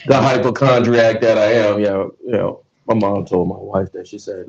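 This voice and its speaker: Man, podcast host, gravelly, dark tone, dull lo-fi sound. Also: lowish voice, level tone, moderate pace, hardly any pauses. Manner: storytelling, profane, laughs often. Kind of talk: casual podcast chat.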